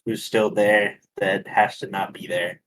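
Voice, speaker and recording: A man's voice: on the low side, flat delivery, a little slow, fairly bright tone, low-quality recording. A man playing a tabletop game, talking hesitantly with many fillers and restarts. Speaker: player.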